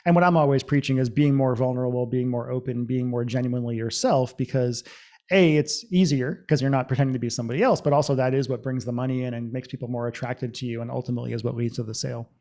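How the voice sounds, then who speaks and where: A man's voice: medium pitch, steady tone, mellow. A man hosting a podcast, talking casually and bluntly, with plenty of swearing and filler words. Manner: fast, blunt and profane, lots of fillers. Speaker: podcast host.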